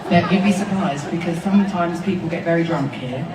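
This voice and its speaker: A woman chatting playfully with a concert audience from the stage, excitable and laughing often. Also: lowish voice, fairly quick. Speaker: singer talking to a concert audience. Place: large concert hall with balconies. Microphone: stage microphone. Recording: roomy live hall sound, crowd noise, from a distance. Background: cheering crowd.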